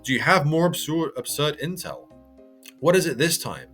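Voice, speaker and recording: A man's voice: a little high, big pitch swings, normal speed, fairly bright tone, faint music behind, pitched above the performer's own voice. A man reading a manga aloud and voicing a greedy young male newspaper boss who talks in a smug, taunting way.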